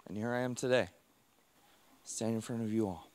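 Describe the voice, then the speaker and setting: A man giving a personal storytelling talk on stage to a live audience, speaking in a heartfelt way in short, halting phrases. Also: lowish voice, a little mellow.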